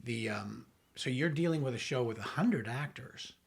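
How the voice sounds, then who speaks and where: A man's voice: medium pitch, expressive, normal speed, vocal fry. A man with an Ontario Canadian accent hosting a podcast, musing aloud and asking questions with fillers. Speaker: podcast host. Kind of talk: podcast interview conversation.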